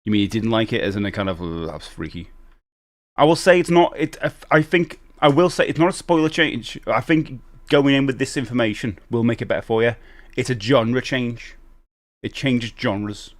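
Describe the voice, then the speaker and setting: A man's voice: mid-range voice, moderate pace. A middle-aged man hosting a live stream, chatting casually and rambling as he reads out and answers viewer messages. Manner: chatty and rambling, reading out chat and greeting viewers.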